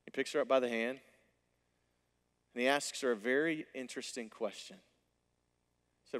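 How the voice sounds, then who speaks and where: A male pastor delivering a sermon, telling the story with animated delivery and acting out the dialogue. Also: mid-range voice, moderate pace, pauses often, long reverb tail.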